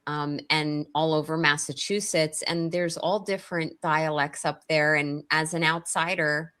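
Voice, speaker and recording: A woman speaks in casual chat with a fairly low voice. She is earnest and measured, working through her thoughts step by step. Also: fairly bright tone.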